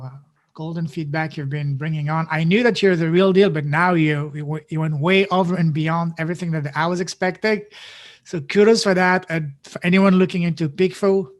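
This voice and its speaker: Effusive man co-hosting a podcast. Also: fairly high pitch. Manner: effusive, praising, halting restarts. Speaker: podcast co-host. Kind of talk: casual interview chat.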